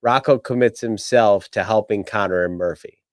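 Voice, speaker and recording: A man's voice: on the low side, moderate pace, dry recording. A man co-hosting a podcast, chatting casually and recapping a film with lots of swearing and joking. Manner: profane, joking, recaps plots. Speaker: podcast co-host. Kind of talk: casual chat.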